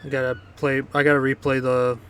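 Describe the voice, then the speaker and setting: Casual rambling podcast host, flat delivery. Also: male voice, medium pitch, fairly quick, slight background noise. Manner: loose, rambling, swears casually. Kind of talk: casual chat.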